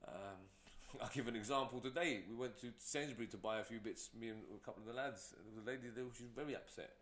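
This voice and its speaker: A man's voice: mid-range voice, quick pace, fairly bright tone, reverberant. A man who is a guest entrepreneur, telling stories in a casual, rambling way with many fillers. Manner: rambling, storytelling, frequent fillers. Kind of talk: casual interview talk.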